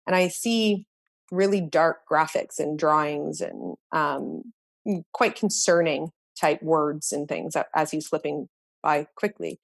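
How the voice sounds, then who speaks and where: A woman's voice: sits low, gravelly, dry recording. A woman educator, a podcast guest, earnestly recounting classroom experiences in conversation, with frequent restarts and repeated words. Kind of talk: reflective storytelling in conversation.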